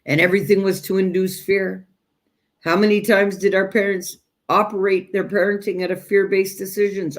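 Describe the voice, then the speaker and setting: A woman teaching self-growth in a direct spiritual talk, speaking emphatically and deliberately and addressing listeners as "you guys". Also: mid-range voice, little pitch movement.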